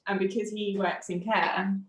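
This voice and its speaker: Frank, animated woman telling her story. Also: mid-range voice, normal speed, a little hiss or hum. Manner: animated, frank, acts out quoted dialogue. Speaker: podcast guest. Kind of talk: personal storytelling in conversation. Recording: roomy echo.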